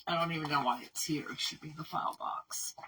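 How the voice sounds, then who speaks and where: A woman who runs an animal rescue, talking candidly in a casual vlog update, rambling and halting with fillers. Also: sits low, heavy background noise. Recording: voice somewhat far from mic.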